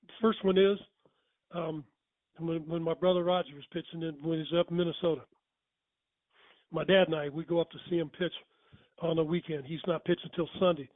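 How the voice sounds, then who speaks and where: An older storyteller speaks casually in a fairly high, fairly even voice at a brisk pace broken by long pauses, rambling, chuckling, and correcting himself. The dry recording has a tinny, phone-like quality.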